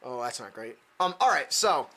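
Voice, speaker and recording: A man running a tabletop superhero game as game master, halting with many fillers and restarts. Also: mid-range voice, very animated, sharp tone. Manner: halting, full of fillers and restarts, laughs often.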